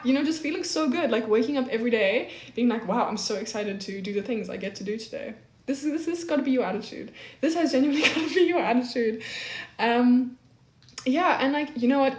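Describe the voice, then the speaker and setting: A young woman in her twenties chatting casually on a live stream, peppering her talk with "like" and reading comments aloud. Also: on the high side. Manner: chatty, peppers speech with "like", reads chat aloud. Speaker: livestream host. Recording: echoey room.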